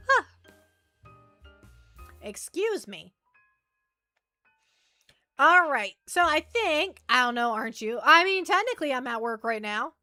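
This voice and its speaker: A woman's voice: high-pitched, very animated, takes it slowly, long pauses, pushed and bright, no room sound, soft background music. A woman streaming as a VTuber, chatting casually with her viewers and reading the chat aloud, often trailing off and restarting.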